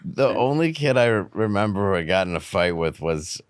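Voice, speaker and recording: Middle-aged comedian from Detroit, very low voice, deadpan wit, dry close mic. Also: male voice, fairly quick, dry recording. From Detroit, USA. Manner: wry, deadpan jokes. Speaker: comedian guest. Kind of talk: casual chat.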